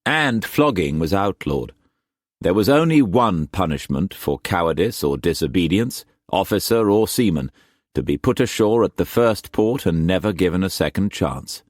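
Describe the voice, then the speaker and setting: A man narrating a historical novel in a measured storytelling manner. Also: low voice, expressive, no room sound, clean studio sound. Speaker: audiobook narrator. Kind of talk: scripted narration.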